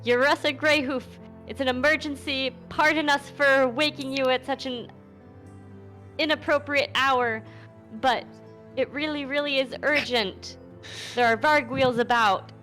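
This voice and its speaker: A woman voicing her adventurer character, calling out a formal, urgent warning loudly. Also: high voice, fairly even intonation, measured pace, faint music behind, voice pushed up. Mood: urgent booming. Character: tiefling adventurer woman magically booming a warning.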